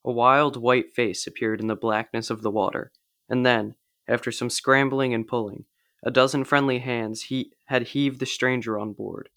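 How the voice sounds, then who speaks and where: Man, steady reflective story reading, dry close sound, middle pitch. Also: normal speed, dry recording. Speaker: liturgy reader. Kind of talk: reading aloud a story in a service.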